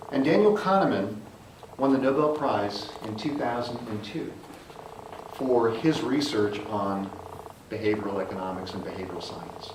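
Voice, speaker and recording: Middle-aged man giving an echoey club speech. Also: medium pitch. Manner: animated storyteller who acts out voices in anecdotes. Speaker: Toastmasters club speaker. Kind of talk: prepared storytelling speech. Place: meeting room. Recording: echoey room, distant mic, noisy.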